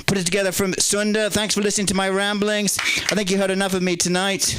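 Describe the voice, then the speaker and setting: Male stand-up comic, highish voice, crude and chatty with the crowd, dry sound. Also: level tone, quick pace, fairly bright tone, clean tone, no room sound, low-quality recording. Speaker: stand-up comedian. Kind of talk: stand-up comedy. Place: comedy club stage.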